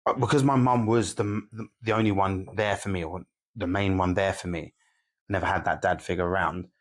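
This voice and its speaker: A man's voice: sits low, fairly even intonation, brisk. A man co-hosting a podcast, listening supportively and reflecting on growing up with one parent. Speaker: podcast co-host. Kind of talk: candid podcast conversation.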